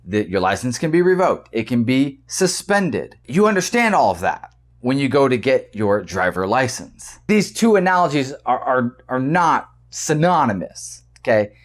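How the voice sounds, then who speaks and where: Animated man ranting on a vlog. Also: mid-range voice, moderate pace. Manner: animated, repeats words while ranting. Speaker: vlog host. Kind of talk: casual commentary vlog.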